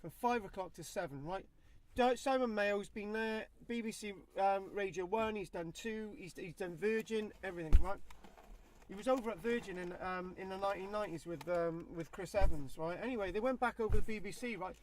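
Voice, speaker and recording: A fairly high-pitched man holds forth as a podcast co-host, ranting through casual opinionated chat. He pushes each point by tacking "right?" onto it. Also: a little fast, a little hiss or hum. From England. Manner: ranting, keeps tagging "right?".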